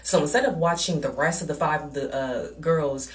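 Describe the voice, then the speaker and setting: Woman, low voice, storytime rant, blunt, profane, emphatic, a bit far from the mic. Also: moderate pace. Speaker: vlogger. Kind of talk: ranting storytime.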